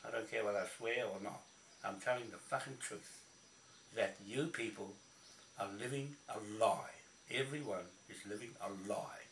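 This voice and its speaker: A New Zealand man with a lowish voice and vocal fry rants angrily to camera at a normal speed, swearing and naming the person he's going after. The audio is echoey, picked up from a distance, with a little background noise.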